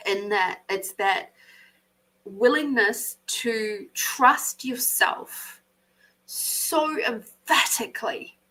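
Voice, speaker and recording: An Australian woman hosting a live card reading, animated, swearing freely and laughing often. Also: medium pitch, rough recording. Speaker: intuitive card reader, podcast host.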